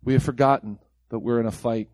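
A man's voice: mid-range voice, fairly even intonation, quick pace, a little mellow, no room sound. A man preaching a sermon as pastor, mimicking the people he quotes in mocking voices.

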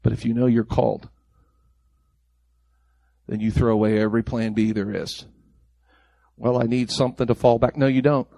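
A man's voice: medium pitch, little pitch movement, moderate pace, gravelly, long pauses, mellow, dry recording. A man preaching a sermon as pastor, mimicking the people he quotes in mocking voices.

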